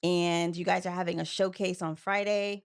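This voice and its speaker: A woman from New York co-hosting a casual live chat, talking fast and laughing often. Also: on the low side, little pitch movement, smooth. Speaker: co-host.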